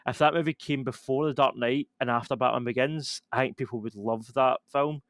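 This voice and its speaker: A man's voice: medium pitch, fairly even intonation, fairly quick, fairly bright tone, dry recording, studio quality. A young man, co-hosting a podcast in casual, opinionated chat full of "like" fillers. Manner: opinionated, rambling with frequent "like" fillers. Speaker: podcast co-host.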